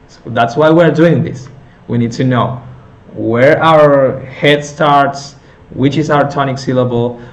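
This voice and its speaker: A male teacher slowly explaining a lesson step by step, with many fillers and self-corrections. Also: mid-range voice, steady tone. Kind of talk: recorded lecture on intonation.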